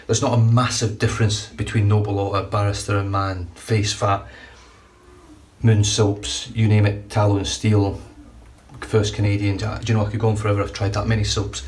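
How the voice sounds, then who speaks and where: A man's voice: fairly low pitch, flat delivery, normal speed, darkish tone. A man casually reviewing shaving products, chatty and enthusiastic, a little rambling. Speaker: shaving vlogger. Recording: distant mic, faint room noise.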